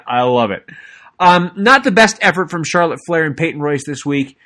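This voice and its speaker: A man's voice: mid-range voice, normal speed, fairly bright tone. A young adult man co-hosting a podcast, giving an enthusiastic, rambling wrestling recap with lots of fillers and restarts. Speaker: podcast co-host. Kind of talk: casual wrestling recap monologue.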